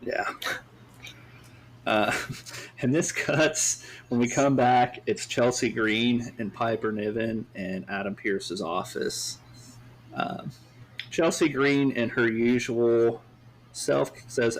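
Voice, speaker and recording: A man's voice: mid-range voice, unhurried, a little hiss or hum. A man hosting a podcast, recapping a wrestling show in a casual, rambling way full of fillers. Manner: rambling, with many fillers and hedges. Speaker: podcast host.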